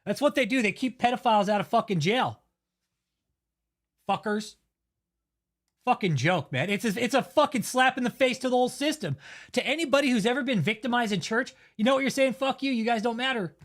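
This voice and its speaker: High-voiced man ranting with profanity. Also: animated, a little fast, pauses often. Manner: heavily profane, heated and blunt. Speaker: channel host. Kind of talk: angry ranting commentary.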